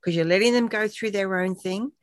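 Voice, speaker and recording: A woman's voice: medium pitch, brisk, no echo, clean studio sound. A woman, chatting reflectively and telling personal stories with quoted dialogue. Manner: warm, reflective storytelling with acted quotes. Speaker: guest on a support talk show. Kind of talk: casual conversational chat.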